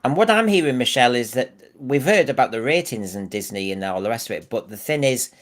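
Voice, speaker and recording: A man's voice: mid-range voice, lively intonation, fast talker. A man co-hosting a podcast, opinionated and fond of rhetorical questions in casual discussion. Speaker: podcast co-host.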